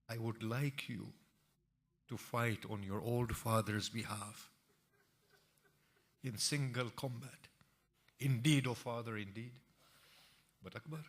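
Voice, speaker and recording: A man preaching a mournful sermon, telling a tragic story in a grieving recital that sinks to hushed tones and swells into impassioned cries. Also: mid-range voice.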